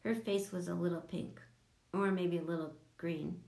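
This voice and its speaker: A woman's voice: fairly low pitch, fairly even intonation, normal speed, vocal fry, a little mellow, reverberant. A woman narrating a children's audiobook, switching into voices for each character.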